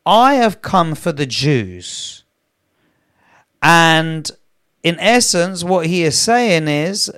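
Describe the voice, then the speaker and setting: A man's voice: a little high, big pitch swings, drawn-out words, fairly bright tone, clean tone. A man teaching from the Bible on a live broadcast, reading scripture aloud and growing emphatic. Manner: reads scripture aloud, grows emphatic, prays in tongues. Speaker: preacher.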